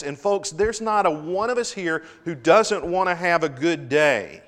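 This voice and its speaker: A middle-aged man preaching a sermon as pastor, earnest, building to emphatic swells and then easing into quiet pauses. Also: on the high side. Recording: long hall reverb.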